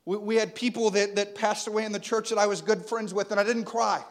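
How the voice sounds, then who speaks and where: A man, preaching a sermon that swings between loud urging and quiet, intimate passages. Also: high voice, level tone, fairly quick. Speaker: pastor.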